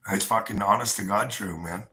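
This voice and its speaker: Deep-voiced man ranting, profane and boastful. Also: brisk, sharp tone. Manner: profane, boastful, rambling, chuckling; talks straight to viewers. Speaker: livestream host. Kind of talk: rambling livestream rant.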